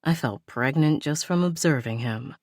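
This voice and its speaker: A woman reading a first-person romance novel aloud in a sultry, unhurried narration. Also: low voice, darkish tone, dry recording, clean studio sound. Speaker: audiobook narrator.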